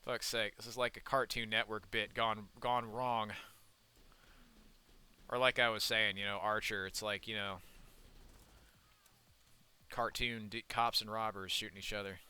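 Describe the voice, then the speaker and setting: A man's voice: fairly low pitch, little pitch movement, a little slow, long pauses, bright, forceful tone, clean tone. A young man giving rambling, profane let's-play commentary while he plays a game. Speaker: gaming YouTuber.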